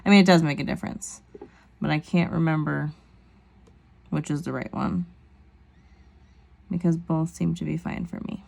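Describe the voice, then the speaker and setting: Gravelly low-voiced woman vlogger. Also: fairly even intonation, normal speed, long pauses, a little mellow. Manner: chatty, rambling, self-deprecating asides. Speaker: nail vlogger. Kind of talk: casual tutorial chat.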